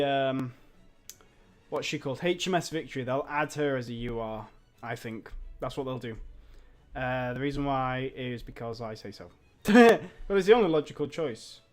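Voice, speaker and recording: Young man, game streamer, foul-mouthed ranting, slow delivery, keyboard typing in background. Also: mid-range voice. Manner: foul-mouthed, ranting, swings between mumbling and yelling. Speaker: gaming streamer. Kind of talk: casual live-stream commentary.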